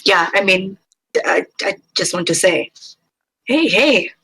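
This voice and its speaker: A woman playing a tabletop game, speaking earnestly and trying to calm things down. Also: medium pitch, slow pace, creaky, husky. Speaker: player.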